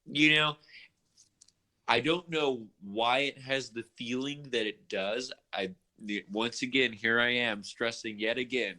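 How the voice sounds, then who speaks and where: Bright-voiced rambling man. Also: mid-range voice, steady tone, slow pace. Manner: rambling, many fillers like "you know". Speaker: podcast co-host. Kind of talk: casual music discussion.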